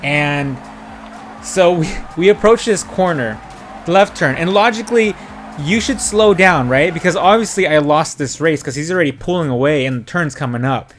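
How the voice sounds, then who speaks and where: A man's voice: on the high side, normal speed, faint music behind. Young man rambling through a story. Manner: rambling, filler-heavy, animated retelling with quoted dialogue. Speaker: gaming streamer. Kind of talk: casual storytelling while streaming a driving game.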